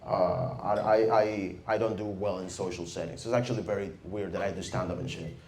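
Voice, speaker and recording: A young man with a Venezuelan Spanish accent doing a stand-up set in a deadpan, mumbling, self-deprecating way. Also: deep voice, a little fast. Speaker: stand-up comedian. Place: comedy club stage with audience. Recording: roomy club sound with faint noise.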